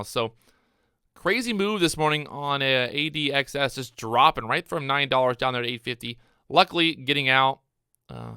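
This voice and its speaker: A man talks through his trades live in a bright, crisp voice, recorded dry and close on a desk microphone. He gets excitable and a little breathless, repeats phrases and speaks straight to his viewers. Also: mid-range voice, dry recording. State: out of breath, hyped up. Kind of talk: live trading commentary.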